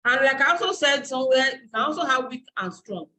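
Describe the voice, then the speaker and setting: A woman's voice: high-pitched, expressive, fast talker, bright, forceful tone, poor audio. A woman university lecturer and dean giving a live online class, explaining step by step and searching aloud for terms.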